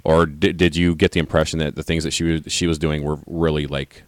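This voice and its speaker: Low-voiced man as host, dry studio sound, rambling and hesitant questions. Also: little pitch movement, a little fast, no echo. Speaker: podcast host. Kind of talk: casual interview.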